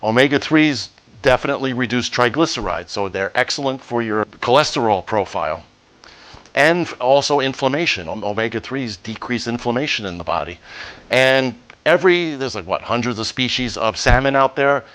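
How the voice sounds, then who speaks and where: A man hosting a home cooking demonstration, talking through each step in a relaxed, jokey way with the odd pun. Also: mid-range voice, moderate pace. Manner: relaxed, jokey, cracks puns. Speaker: cooking show host.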